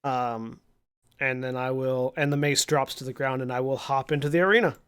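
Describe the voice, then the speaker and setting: A man's voice: mid-range voice, moderate pace, fairly bright tone, smooth. A man playing in a tabletop game, describing his character's actions in a playful, casual way. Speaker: player.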